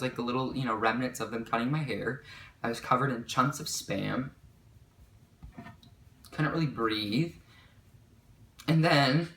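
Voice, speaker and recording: A woman's voice: rumbling low, bright, forceful tone, a little hiss or hum. Young woman, vlogger, rambling storytime, lots of "like", echoey room. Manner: rambling, full of "like" fillers. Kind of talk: storytime vlog.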